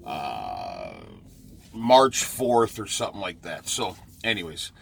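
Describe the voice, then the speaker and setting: Rambling trucker, a man with a lowish voice, loose vlog chat full of fillers, recorded in his parked truck. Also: wildly swooping pitch, slow, gravelly, slight background noise. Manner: rambling, many fillers and restarts. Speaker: truck driver. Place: parked truck near a truck stop.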